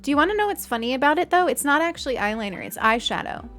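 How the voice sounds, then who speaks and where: A woman's voice: sits high, lively intonation, fast talker, fairly bright tone. A young adult woman streamer chatting casually and giggling as she thanks donors on a live stream.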